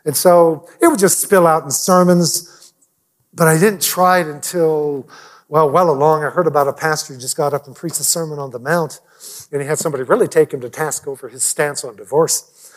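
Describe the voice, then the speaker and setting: Animated man with a fairly high voice. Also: normal speed. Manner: animated, drops to near whispers. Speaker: pastor. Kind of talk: personal storytelling talk.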